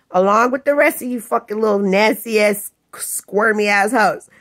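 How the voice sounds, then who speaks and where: Woman vlogger, higher voice, slow unhurried delivery, tired, cursing rant. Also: a bit bright. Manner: cursing, scornful, laughing between jabs. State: tired, up all night. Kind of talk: profane ranting monologue.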